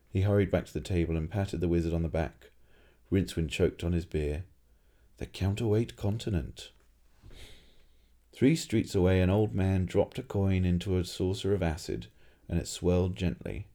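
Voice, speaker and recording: A man reading a humorous fantasy story aloud as narrator, in a dry, lively storytelling manner. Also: low-pitched, normal speed. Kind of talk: audiobook reading.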